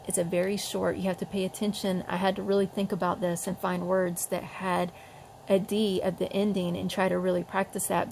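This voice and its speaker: A woman, talking casually as she shows how to teach children to read, slowly sounding out words as she goes. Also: lowish voice, little pitch movement, darkish tone, a little hiss or hum, rough recording. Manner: demonstrates sounds slowly, chatty with fillers. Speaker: parent teaching reading. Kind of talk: casual home tutorial.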